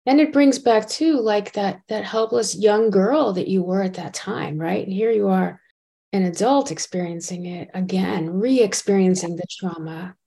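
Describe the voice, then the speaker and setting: A woman hosting an interview, speaking reflectively as she sums up what her guest has shared. Her voice sits at an ordinary middle pitch. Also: unhurried, vocal fry, mellow. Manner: reflective, summarizing. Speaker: podcast host. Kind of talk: empathetic interviewing.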